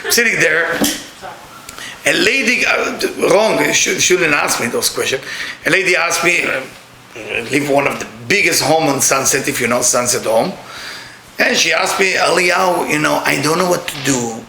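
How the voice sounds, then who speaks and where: Animated Israeli man teaching with jokes. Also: a little high, normal speed, echoey room, crowd noise. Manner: animated storytelling, blunt and joking. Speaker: kabbalah teacher. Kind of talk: spiritual talk.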